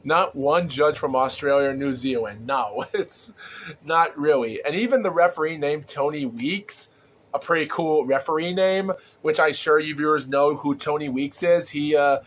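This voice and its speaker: A man hosting a rambling solo podcast, talking excitably with lots of fillers and restarts, his throat sore and groggy and his breath short. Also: a little high, normal speed, slight background noise. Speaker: podcast host. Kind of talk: solo casual podcast commentary.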